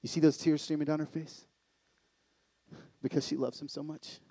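A man voicing God, soft and fatherly. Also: little pitch movement, normal speed, gravelly. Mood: tender. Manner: soft and lowered. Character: gentle fatherly God, speaking tenderly.

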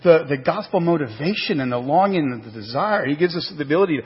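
A male pastor preaching a sermon, animated, with rhetorical questions and acted-out asides. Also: on the high side, fast talker, husky. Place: church sanctuary. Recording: muffled church hall recording with long reverb.

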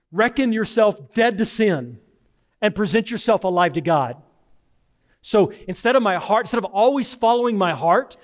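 A man preaching a sermon, talking conversationally and telling personal stories, swinging from loud emphasis to hushed tones. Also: high voice. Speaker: pastor.

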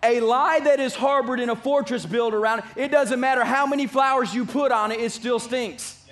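A pastor delivers a sermon with a strikingly high-pitched male voice. He preaches emphatically, hammering home his points through repetition, as if speaking in a church. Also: steady tone, fairly quick, fairly bright tone. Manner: emphatic preaching with repeated phrases.

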